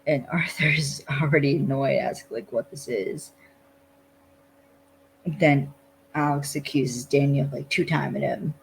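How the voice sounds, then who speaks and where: A podcast co-host talks slowly and easily, with a gravelly, creaky edge. The speech drifts along, loose and full of "like" fillers. A faint hum sits under the home recording. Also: mid-range voice, steady tone, low-quality recording. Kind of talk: casual podcast chat.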